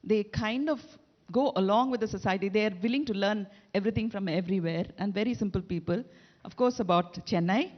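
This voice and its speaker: A woman's voice: medium pitch, a little fast. Brief: woman, wry panelist, dull muffled audio. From South India.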